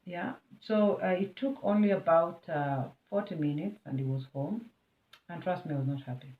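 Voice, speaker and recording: A woman's voice: on the low side, normal speed. A Kenyan woman telling a personal story to her viewers in a chatty, emphatic way. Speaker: vlogger. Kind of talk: storytime vlog. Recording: tinny, phone-like and roomy.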